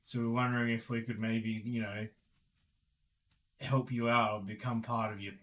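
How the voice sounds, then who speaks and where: Man, bright voice, hesitant, many fillers, tabletop role-play. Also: medium pitch, little pitch movement. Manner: halting, filler-heavy. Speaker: player.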